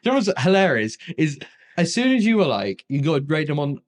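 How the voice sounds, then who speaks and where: A man co-hosting a podcast, chatting casually, laughing often and agreeing quickly. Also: a little high, sing-song. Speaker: podcast co-host. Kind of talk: casual chat.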